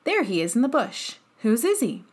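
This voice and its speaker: A woman's voice: a little high, big pitch swings, husky. Woman doing an easygoing Yorkshire moor boy. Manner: easy, unhurried dialect speech.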